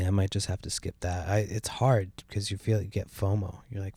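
A man's voice: sits low, flat delivery, normal speed, gravelly, mellow, breathy edge, dry recording. A young adult man hosting a casual solo podcast, rambling and complaining with lots of swearing and a sardonic edge. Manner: profane, rambling, meandering. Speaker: podcast host. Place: sitting at home by a window.

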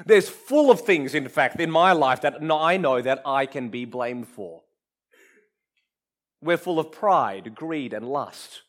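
A man preaching a sermon in an earnest, emphatic way, often dropping to a hush for effect. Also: fairly high pitch, lively intonation, takes it slowly. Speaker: pastor.

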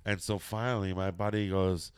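Brief: middle-aged man, low smooth voice, dry close sound, swears freely while spinning a story. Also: moderate pace, dry recording. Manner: profane, animated storytelling with quoted voices. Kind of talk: casual anecdote telling.

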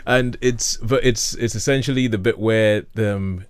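A man hosts a casual chat about classic films, eager and rambling as he circles back over his points. His voice sits on the low side and the recording is dry and close. He keeps restarting his sentences as his thoughts run ahead. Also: steady tone, normal speed, smooth, no echo.

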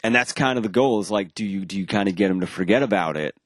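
A man's voice: on the low side, fast talker, no echo, studio quality. A man casually telling a long anecdote, acting out the quoted dialogue, rambling with restarts and the odd swear word. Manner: animated, acts out quoted dialogue; rambling with frequent restarts and profanity. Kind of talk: casual storytelling chat.

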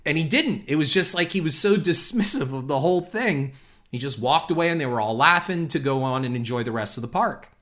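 A man telling a personal anecdote in an animated, conversational way, speaking to his listeners as folks. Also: a little high, brisk. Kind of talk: storytelling anecdote.

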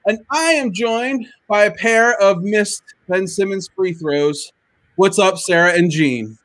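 A man's voice: high-pitched, slow, a bit bright. A man hosting a podcast in casual chat, joking and rambling with restarts. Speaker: podcast host.

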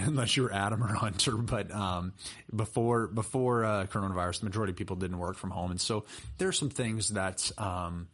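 A man's voice: lowish voice, fairly quick. Chatty man telling a story. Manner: chatty, animated storyteller with laughs and fillers. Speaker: personal trainer and podcast co-host. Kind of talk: casual podcast chat and storytelling.

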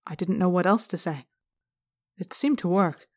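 A woman reading an audiobook aloud in the first person, with steady, measured narration. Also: lowish voice. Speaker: audiobook reader.

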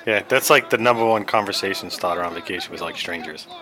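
A man's voice: low voice, crowd noise. A man with a Boston accent co-hosting a casual podcast, joking and laughing easily. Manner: jokey, quick to laugh. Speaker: podcast co-host. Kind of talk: casual watch-along chat.

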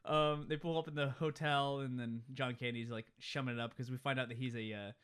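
A man's voice: medium pitch, steady tone, brisk, a bit bright, clean tone. A man casually recapping a movie with a friend, acting out lines in passing. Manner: laid-back, recounts scenes with quoted voices. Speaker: podcast co-host.

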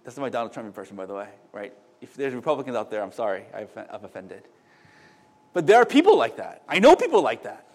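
A man's voice: medium pitch, very animated, fast. A middle-aged man preaching a sermon in a conversational way, with asides to the congregation and many restarts. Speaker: pastor.

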